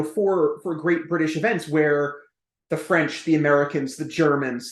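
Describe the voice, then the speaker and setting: A man speaking as a historian guest on an interview podcast, explaining in a lively, quick way with jokey asides. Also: a little high, roomy sound.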